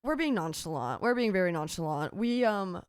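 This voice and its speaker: A woman's voice: lowish voice, normal speed, smooth, no room sound, studio quality. Playful young woman telling a story. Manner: animated, playful storyteller acting out quotes. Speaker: podcast co-host. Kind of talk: casual storytelling chat.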